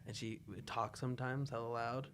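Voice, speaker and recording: A man hosting a podcast, telling stories in a casual, animated way and often bursting into loud laughter. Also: mid-range voice, moderate pace, slight background noise. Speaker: podcast host.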